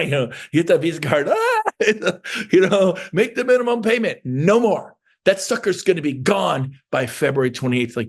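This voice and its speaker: Middle-aged man, gravelly, emphatic motivational speaker with loud peaks. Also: on the high side, normal speed. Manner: animated, emphatic, swings to shouted bursts. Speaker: motivational speaker for real estate agents. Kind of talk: energetic motivational talk.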